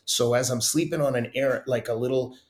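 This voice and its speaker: Middle-aged male guest, lively storyteller, mid-pitched, roomy echo. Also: brisk. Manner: animated, laughing, acts out quotes. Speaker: podcast guest, runner. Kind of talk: casual storytelling interview.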